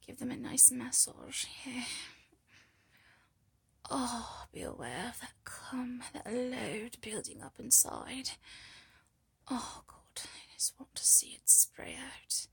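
A young woman in a slow, breathy whispered role-play, murmuring softly between phrases. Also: fairly high pitch, very animated. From United Kingdom. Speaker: adult audio performer.

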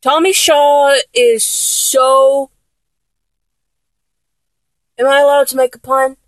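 A woman's voice: high voice, steady tone, slow pace, no room sound. A woman chatting casually about songs she loves, rambling with many ums and restarts and breaking into bits of song. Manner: sings snatches of songs badly. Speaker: music fan talking to viewers.

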